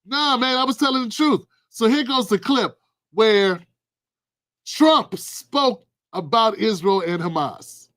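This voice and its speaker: A man's voice: high-pitched, animated, takes it slowly, fairly bright tone. A man hosting a political commentary livestream, casual and sarcastic, talking straight to his viewers. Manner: sarcastic, colloquial, talks to viewers.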